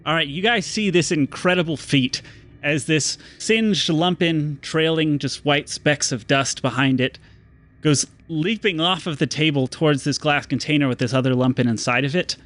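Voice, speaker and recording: Male game master for a tabletop role-playing game, a bit higher-pitched, descriptive narration that slows for drama. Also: fairly bright tone.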